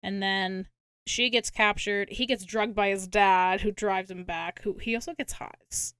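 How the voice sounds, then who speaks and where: Young woman podcast co-host, animated storyteller who acts out scenes, dry close sound. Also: medium pitch, a little slow, clean tone, no room sound. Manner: animated, swearing, acting out characters' lines. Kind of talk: casual movie recap chat.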